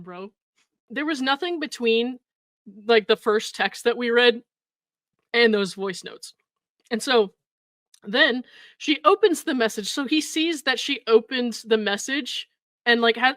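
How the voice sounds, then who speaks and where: A woman's voice: a little high, fairly bright tone, dry recording. A woman hosts a reaction commentary, blunt and sarcastic, often laughing as she talks. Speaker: commentary host.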